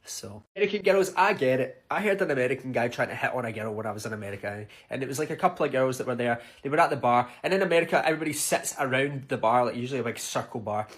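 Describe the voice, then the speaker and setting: Scottish man, casual storytime vlog, cheeky banter, swears freely, husky voice. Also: mid-range voice, expressive, very fast, hardly any pauses. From Scotland. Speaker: vlogger telling stories.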